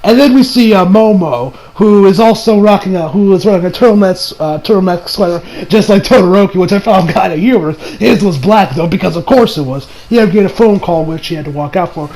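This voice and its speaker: High-voiced excitable young man recapping. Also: fairly quick, hardly any pauses, low-quality recording. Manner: excitable, rambling, swears freely, lots of 'you know'. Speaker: anime reviewer. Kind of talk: casual episode recap.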